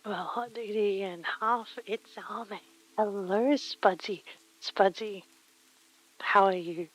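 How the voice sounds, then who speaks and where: Slow, rambling woman streamer. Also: medium pitch, steady tone, rough recording. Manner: rambling, playful, thinks aloud. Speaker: livestream host. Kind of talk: casual chat while crafting.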